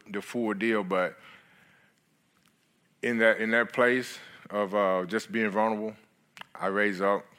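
A middle-aged man, a guest speaker, telling his story in a sermon in an earnest, halting way with many restarts. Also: lowish voice, sharp tone. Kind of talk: sermon testimony.

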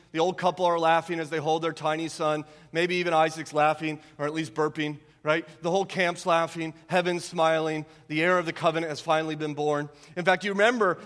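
Animated preacher in a reverberant hall. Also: male voice, a little high. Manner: animated, rhetorical tag questions. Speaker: pastor. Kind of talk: sermon.

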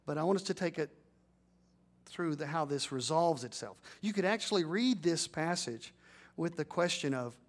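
A man's voice: fairly high pitch, lively intonation, moderate pace. A man preaching a sermon as pastor, building to emphatic peaks and leading the congregation in call-and-response.

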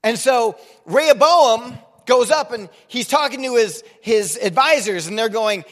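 A man's voice: very high voice, measured pace, hardly any pauses, big-room sound. A man in his forties preaching a sermon in a casual, joking, conversational way. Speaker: pastor.

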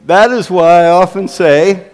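A man's voice: sits high, a little slow. A male pastor telling self-mocking stories in a sermon. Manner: self-deprecating, animated anecdotes. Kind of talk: humorous sermon storytelling. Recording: reverberant hall.

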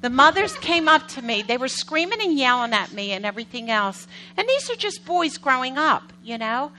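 Bright-voiced woman preaching with animated stories. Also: high-pitched, moderate pace, poor audio. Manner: animated, acts out quotes, asks the congregation questions. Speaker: pastor. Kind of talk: conversational sermon storytelling.

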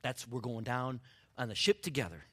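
A man preaching a sermon in a conversational, humorous way, dropping to near-whispers and then rising to excited shouts. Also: medium pitch, normal speed. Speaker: pastor.

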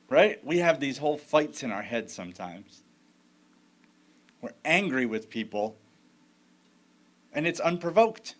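A man's voice: medium pitch, lively intonation, a little slow, long pauses, fairly bright tone. A man preaching a sermon as pastor, in a conversational storytelling way with frequent restarts.

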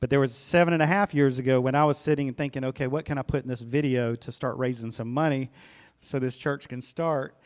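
A man's voice: mid-range voice, fairly even intonation, brisk. A pastor preaching a sermon to his church, talking in an earnest, conversational way and often repeating a phrase for weight. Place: church sanctuary.

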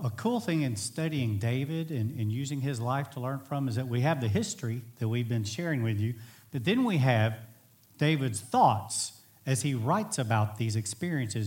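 A man preaching a sermon in an earnest, emphatic way, sometimes swelling to near-shouts. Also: medium pitch, lively intonation, normal speed. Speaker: pastor.

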